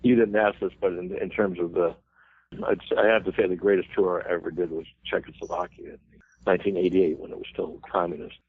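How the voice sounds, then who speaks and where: A man in his sixties from the United States, a banjo player telling lively anecdotes as an interview guest. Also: low voice, brisk, slightly rough, no echo. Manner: animated anecdotes with laughs and sung quotes. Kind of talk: casual interview storytelling. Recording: thin phone-like radio line.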